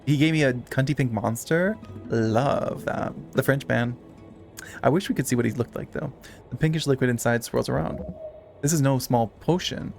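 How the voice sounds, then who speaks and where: Soft background music plays as a man games on a live stream, casually talking with his viewers, cursing freely and reading text out loud. His mid-range voice is gravelly and darkish, at a normal speed.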